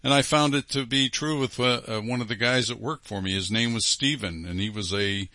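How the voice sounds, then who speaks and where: A man's voice: medium pitch, brisk, pushed and bright, no echo. A man hosting a program, reading listener letters aloud and commenting on them with emphatic repetition. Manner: emphatic, repeats key phrases.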